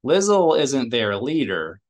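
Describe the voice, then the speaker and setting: June, a stubborn and methodical male alien engineer, explaining things slowly and precisely without looking up from his work , as a man reading aloud plays him. He stays calm and matter-of-fact, patient but immovable. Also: medium pitch.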